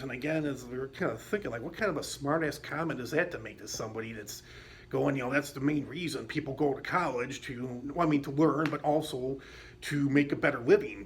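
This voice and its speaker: A man's voice: mid-range voice, brisk. A man telling a personal story in a casual, rambling way, with many fillers and restarts and some blunt swearing. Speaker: vlogger.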